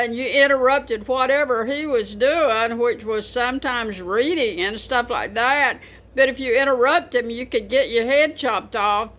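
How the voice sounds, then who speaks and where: An older woman talks to her viewers about poetry in an unhurried, meandering way. Her voice sits a little high, and she drifts through restarts and filler words as she goes. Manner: rambling, warm, many fillers and restarts. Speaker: poetry vlogger. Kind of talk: casual talk to camera.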